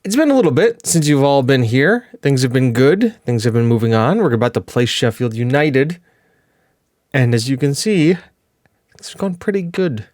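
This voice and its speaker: A young man chats through his game like he is catching up with regular viewers, wandering between thoughts and fixing his slips as he goes. His pitch sits in the middle range for a man. The recording is dry and close, with no room around the voice. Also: very animated, moderate pace, darkish tone, no room sound. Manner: chatty, rambling, with fillers and self-corrections. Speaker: gaming video host. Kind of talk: casual gameplay commentary.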